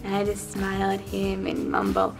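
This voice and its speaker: A woman with a mid-pitched voice recounts an awkward encounter. Her humor is dry and deadpan, and faint music plays behind her. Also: moderate pace, gravelly. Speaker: storyteller. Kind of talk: personal anecdote.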